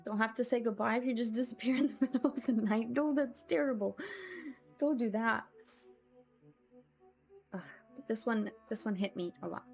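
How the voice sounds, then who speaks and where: A woman streamer talks casually with her viewers in a reflective, emotional way, often sighing. Her voice sits a little high, and soft music plays faintly behind her. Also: moderate pace, vocal fry, pauses often.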